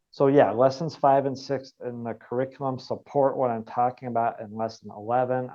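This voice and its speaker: A man's voice: mid-range voice, dark tone, dull audio. A man giving an online wellness training, earnest and repeating key points for emphasis. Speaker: wellness coach.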